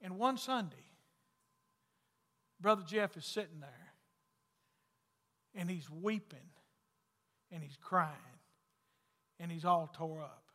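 A pastor preaching in a long, ringing hall. His voice sits high for a man, bright and forceful. He moves from loud calls to hushed, intimate lines in a folksy way. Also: slow, long pauses. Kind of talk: sermon.

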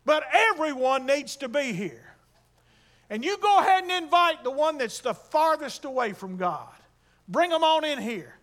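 A man preaches in a church sanctuary. His voice sits very high for a man, and he swings from low, quiet asides up to ringing, stretched-out declarations. He addresses the congregation directly and with fervor. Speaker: pastor. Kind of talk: sermon.

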